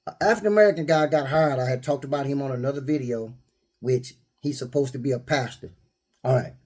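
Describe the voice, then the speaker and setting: A man's voice: mid-range voice, fast. A man telling everyday stories and quoting scripture in a casual, laughing preaching style. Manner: laughing, animated storyteller who quotes scripture. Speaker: spiritual vlogger.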